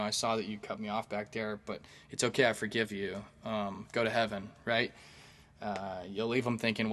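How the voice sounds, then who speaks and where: A man's voice: mid-range voice, a bit bright. A man who does stand-up, telling a loose story to his audience with lots of fillers, restarts and swearing. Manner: rambling, profane, many fillers and restarts. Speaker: stand-up comedian. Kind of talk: casual storytelling monologue.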